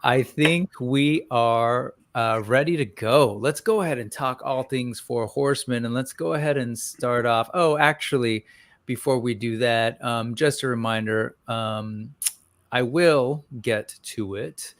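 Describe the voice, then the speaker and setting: A man's voice: mid-range voice, a little slow, no room sound, studio quality. A man hosting a casual toy-news livestream, rambling and upbeat with many fillers, greeting viewers by name.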